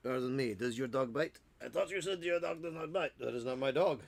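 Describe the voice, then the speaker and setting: A man's voice: mid-range voice, very slow, gravelly, pushed and bright, full character voice. A man doing a bumbling comic Frenchman, silly thick accent. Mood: mock-serious. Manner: silly, mock-serious back-and-forth. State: stuffy nose.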